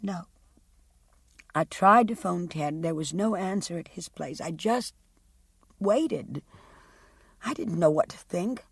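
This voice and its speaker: A woman voicing a young woman testifying about her sister in an audiobook, speaking quietly and haltingly. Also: lowish voice, animated, vocal fry, husky, no echo, clean studio sound, exaggerated voice. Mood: shaken. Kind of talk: audiobook character reading.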